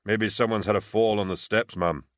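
A male narrator voicing a dutiful young trooper asking quick questions. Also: fairly low pitch, steady tone, no room sound, studio quality, close to an everyday voice. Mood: brisk.

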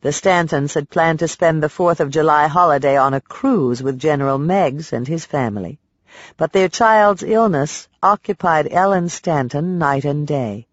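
A man reading a historical account as scripted narration, measured, with quoted passages lifted and stressed. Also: fairly high pitch, dry recording, dull audio. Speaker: audiobook narrator.

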